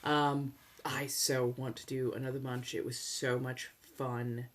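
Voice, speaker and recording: A woman hosting a soft-spoken ASMR livestream in a put-on 1700s colonial American accent, chatting casually and teasing her viewers with a playful edge. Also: a bass voice, little pitch movement, unhurried. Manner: teasing, playful with chat, laughs often.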